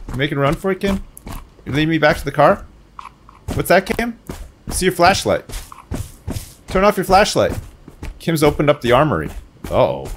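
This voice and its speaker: A man hosting a gaming session, teasing his friends in a sing-song, sweary way. His pitch is lively and a bit high. A steady noise sits behind him in the recording. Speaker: gaming channel host. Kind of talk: casual gaming chat with friends.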